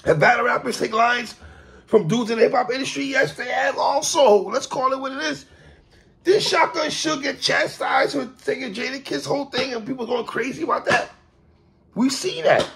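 Man, high voice, swooping pitch, animated commentary host, casual monologue. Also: moderate pace, vocal fry. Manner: animated, laughs and exclaims often. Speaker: hip-hop commentary host.

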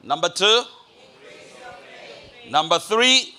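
A man preaching to his congregation in a high, very bright voice that rises and falls dramatically. He delivers the sermon slowly and emphatically, repeating key lines and addressing the room as beloved. At church service energy, he swings between hushed phrases and loud declarations. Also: lively intonation. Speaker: pastor.

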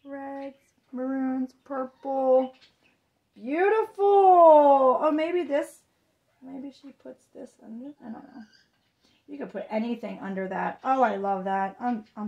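Gushing high-voiced woman unboxing. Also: a little slow. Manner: gushing, excited exclamations. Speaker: vlogger. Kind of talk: unboxing chat.

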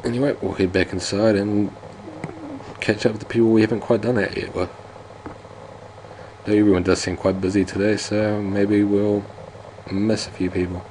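A low-voiced man commenting on a text adventure as he plays it. He reads the commands aloud and tosses in dry jokes. Constant game noise runs beneath his voice. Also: flat delivery, normal speed. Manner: dry, joking asides. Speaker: let's play host. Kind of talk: let's play commentary.

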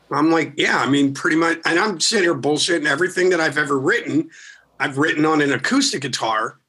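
Animated, profane rock singer man. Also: fairly high pitch, husky. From Philadelphia. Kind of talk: casual storytelling.

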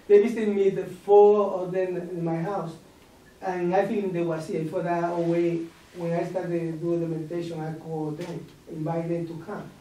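A man whose first language is Spanish speaks in a warm, mellow voice. His English is halting and broken, full of repeated words and soft chuckles. He is picked up from across a large, echoey room with a faint hiss. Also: high voice. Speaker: meditation event host. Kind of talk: sharing a personal spiritual story. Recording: echoey room, distant mic, some noise.

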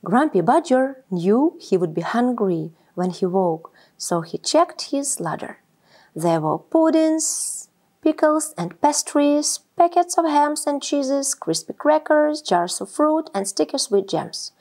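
Woman storyteller for children's read-aloud; slow, high and expressive.

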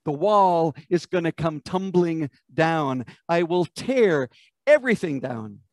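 A man's voice: fairly high pitch, lively intonation, slow pace, a little mellow, no echo, studio quality. A man voicing God as a stern judge pronouncing consequences on a sinful people.

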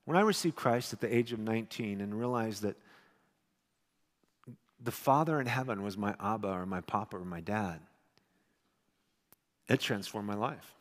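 A middle-aged male pastor giving a sermon with a personal story, animated and loud at times, then hushed and tender. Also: fairly low pitch, normal speed, pauses often. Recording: long hall reverb.

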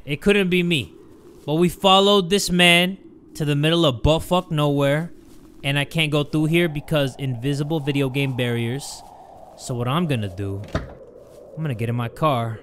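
A man giving let's play commentary as a gaming YouTuber, loud and jokey, swearing often. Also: on the high side, lively intonation, normal speed, faint music behind.

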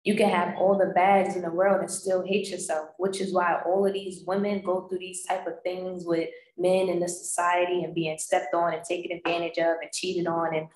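A woman's voice: fairly low pitch, flat delivery, normal speed, hardly any pauses, a little mellow. A woman hosting a casual chat, talking candidly and bluntly with slang and the odd curse. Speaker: host. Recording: roomy echo.

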